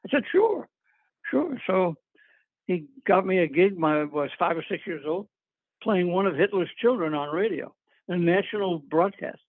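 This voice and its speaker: An older New England actor, a guest, speaks in a high-pitched voice at a moderate pace, casually telling rambling stories in an interview with chuckles and filler words. The audio has a tinny phone-line sound with no room sound.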